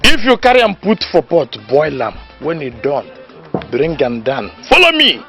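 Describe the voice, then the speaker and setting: A loud know-it-all villager. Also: male voice, on the high side, huge pitch swings, normal speed. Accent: Nigerian. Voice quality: boisterous, lecturing, laughs mid-sentence. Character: loud know-it-all village man giving mock lessons. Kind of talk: Nollywood comedy film acting. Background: faint background music.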